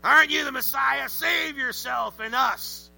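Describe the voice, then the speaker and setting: A man voicing an arrogant, sarcastic male criminal with a rough, pirate-like growl, mocking loudly. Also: extremely high pitch, a little slow, a little hiss or hum, pitched above the performer's own voice, exaggerated voice. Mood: jeering. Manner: mocking, jeering, loud.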